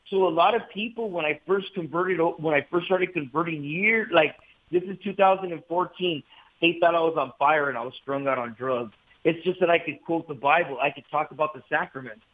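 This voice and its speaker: A man telling his conversion story in a casual podcast conversation, emphatic and animated, with slang like "bro" and "brother". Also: high-pitched. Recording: tinny phone-like audio.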